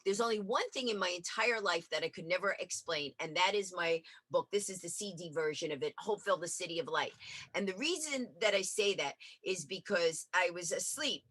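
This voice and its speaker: An energetic woman guest tells her stories in a lively interview chat, acting out each bit of dialogue. Her voice is bright and forceful with a husky edge. The recording is dry and close. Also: medium pitch, no echo. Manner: energetic storyteller, acts out dialogue.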